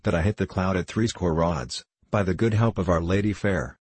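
A man voicing a proud young outlaw archer who is quick to anger, speaking in earnest, old-fashioned storybook talk. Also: low voice, a little mellow, husky, no echo. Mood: bold. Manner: earnest archaic storybook speech.

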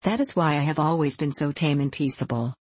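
A woman's voice: deep voice, fairly quick, darkish tone, husky, no echo. A woman voicing a large, timid male lion in a storybook, mild and hesitant. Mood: wistful. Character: big timid male lion, gentle and sighing.

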